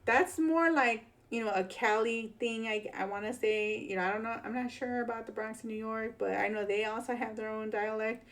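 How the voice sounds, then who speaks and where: A woman's voice: fairly high pitch, steady tone, moderate pace, hardly any pauses. A woman with a Chicago accent talking casually in a vlog, slangy, rambling and fired up. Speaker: vlogger.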